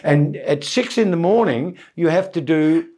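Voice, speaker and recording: A man, a comedian guest telling self-deprecating anecdotes in a relaxed, rambling interview. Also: fairly high pitch, measured pace. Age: 70s. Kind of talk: casual interview storytelling.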